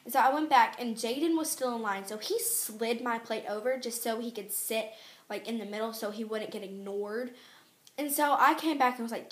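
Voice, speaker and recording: A teenage girl vlogging in a casual, exasperated rant, chatty and quick to complain. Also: fairly high pitch, a bit bright. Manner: ranting, exasperated, fast and chatty. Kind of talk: casual chat to camera. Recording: echoey room.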